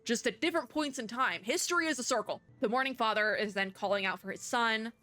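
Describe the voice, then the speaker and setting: Her voice is a little high, bright and forceful, and she talks quickly. A young woman creating game content at home, she chats casually about the story, reads it aloud, reflects on it, and leans heavily on filler words.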